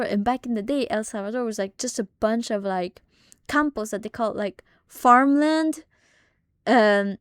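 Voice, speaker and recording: A young woman streamer telling family stories in casual, swear-heavy chat, animated and laughing often. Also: fairly high pitch, no room sound, studio quality. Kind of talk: casual storytelling on a live stream.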